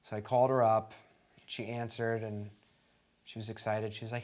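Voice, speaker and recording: A man in his thirties doing stand-up comedy, telling a personal story and acting out both sides of the conversation, going from hushed to shouting. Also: lowish voice, flat delivery, a little fast. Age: 30s. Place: comedy club stage with a laughing audience.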